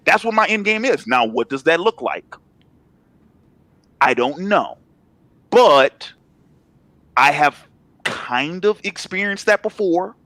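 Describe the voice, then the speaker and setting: A man's voice: on the high side, animated, slow pace, pauses often, pushed and bright, dry recording. A man in his thirties, a comic writer chatting as a guest in an interview, laid-back and slangy, often circling back to repeat himself as he builds a point. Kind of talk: casual interview chat.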